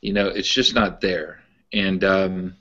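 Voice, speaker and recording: Co-hosting a wrestling podcast, a man chats casually and rambles through stories, repeating his words. His deep voice is slow and flat yet pushed and bright. The podcast audio is dull and lo-fi.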